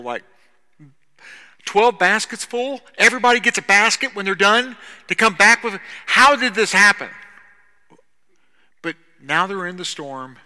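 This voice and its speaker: A man preaching a sermon as pastor, talking conversationally and swinging between loud stretches and hushed ones. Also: a little high. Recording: long reverb of a large hall.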